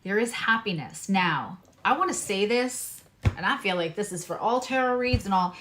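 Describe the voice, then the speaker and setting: A woman's voice: medium pitch, animated, normal speed, fairly bright tone, slight background noise. A woman astrologer giving a casual, earnest tarot reading, speaking straight to her viewers in a reassuring way.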